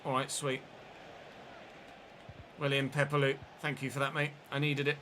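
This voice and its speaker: A man's voice: medium pitch, monotone, moderate pace, sharp tone, slight background noise. A man streaming a football video game, giving running play-by-play with frequent swearing and frustrated outbursts. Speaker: gaming streamer. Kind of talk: live gameplay commentary.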